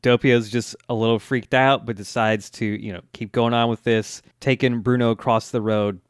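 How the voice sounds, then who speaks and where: A man's voice: medium pitch, fairly even intonation, normal speed, clear, resonant tone, no room sound. Podcast guy recapping a show, jumps into character voices, laughs a lot, super dry mic. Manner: acts out character lines with laughs. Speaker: podcast co-host. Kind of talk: casual recap chat.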